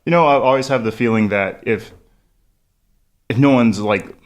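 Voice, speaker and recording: A man's voice: medium pitch, normal speed. A young man, a musician guest on a college radio show, talking in a rambling way full of "like" fillers, with a cough drop in his mouth, close on a studio microphone. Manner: rambling, heavy "like" fillers, laughs often. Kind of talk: casual radio interview.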